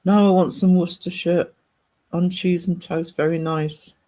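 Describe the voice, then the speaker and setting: Chatty English man, slightly high voice. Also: level tone, normal speed. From Northeast England. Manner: rambling, chatty, talks to viewers by name. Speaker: art streamer. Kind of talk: casual chat while streaming.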